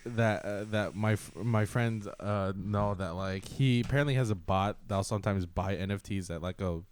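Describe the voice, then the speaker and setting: A man's voice: lowish voice, moderate pace, darkish tone, a little hiss or hum. A man co-hosting a podcast in casual chat, rambling with lots of fillers and swearing. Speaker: podcast co-host.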